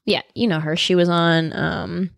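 Young woman, rambling casual chat, filler-heavy, lowish voice, dry close sound. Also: fairly even intonation, unhurried, creaky, no room sound. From California. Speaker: guest, actor and comedian.

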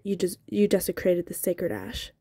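Stern young soldier man, gruff, scornful, muttering, low-pitched, read by a woman. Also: big pitch swings, moderate pace, warm tone, dry recording, studio quality.

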